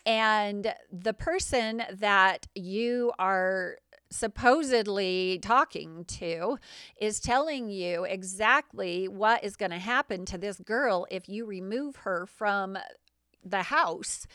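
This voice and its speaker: Middle-aged woman, indignant and sarcastic, personal account, mid-pitched, dry close mic. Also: takes it slowly, a bit bright, smooth, no echo. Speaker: host.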